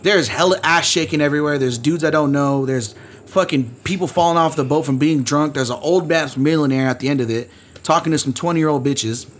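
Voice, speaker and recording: A man's voice: on the high side, brisk, a little hiss or hum. A man co-hosting a podcast, telling a long profane party story in casual chat. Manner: profane, rambling anecdote with quoted voices. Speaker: podcast co-host.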